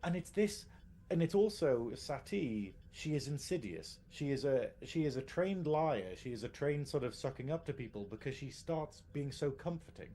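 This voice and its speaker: A man's voice: medium pitch, lively intonation, normal speed, warm tone, a little hiss or hum. A man co-hosting a casual live podcast, rambling and restarting his sentences, laughing often. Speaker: podcast co-host.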